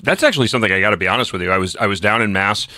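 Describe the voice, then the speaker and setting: A man's voice: lowish voice, animated, racing, pushed and bright, no echo, studio quality. A man hosting a political talk radio show, ranting sarcastically in a casual chat with many restarts. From New England.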